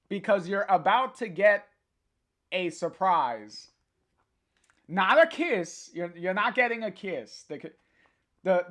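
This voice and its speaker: Slow, halting live-stream comic reader. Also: medium pitch, fairly bright tone. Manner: hesitant, full of filler sounds and restarts; chats directly to a viewer in the live chat. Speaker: live-stream host reading a comic aloud. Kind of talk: casual live-stream read-along.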